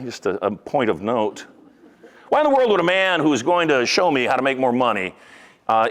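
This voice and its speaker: A man giving a live motivational talk to a room of sales agents, telling stories in an animated way with sudden loud bursts. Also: fairly high pitch. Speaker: motivational speaker. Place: large event hall. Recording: long hall reverb.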